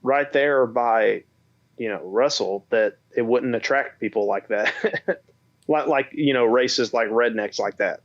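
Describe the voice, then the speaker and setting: A man of ordinary pitch chats with a joking, offhand ease. His voice sits in the middle of the range, and the recording sounds dull and lo-fi. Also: measured pace. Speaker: podcast co-host. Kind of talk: casual chat.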